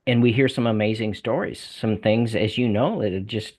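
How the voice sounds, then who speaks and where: A man's voice: on the low side, moderate pace, darkish tone. An older man with a Southern US accent, a guest in a conversational interview, talking in a folksy way with repeated words and restarts. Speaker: guest, debt coaching salesman.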